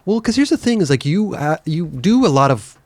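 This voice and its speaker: A man hosting a casual podcast interview, asking relaxed, rambling questions with frequent restarts. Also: a little high, a little fast, no room sound. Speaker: podcast host.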